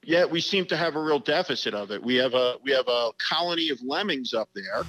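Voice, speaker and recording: A man's voice: mid-range voice, expressive, brisk, fairly bright tone, rough recording. Rambling man with a Mid-Atlantic accent. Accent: Mid-Atlantic American. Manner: rambling, fills with "right?" and "you know". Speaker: political commentator, interview guest. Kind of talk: casual interview.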